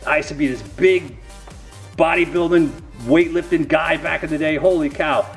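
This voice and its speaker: A man's voice: a little high, moderate pace, soft background music. A middle-aged man rambling casually to camera while opening card packs, with self-mocking, folksy asides.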